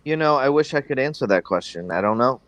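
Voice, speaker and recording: A man's voice: medium pitch, lively intonation, a bit bright, no echo. Laid-back man with a dry close sound. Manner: laid-back, halting with ums and restarts. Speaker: podcast guest. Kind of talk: casual podcast conversation.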